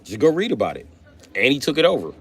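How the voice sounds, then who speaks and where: A man's voice: medium pitch, wildly swooping pitch, quick pace, husky. A man chatting casually on a livestream, talking in a loose, profane, rambling way.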